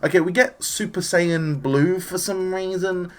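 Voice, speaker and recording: A man giving a casual, enthusiastic spoken review of an anime episode, chatty and animated, now and then acting out the characters' lines. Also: sits high, measured pace.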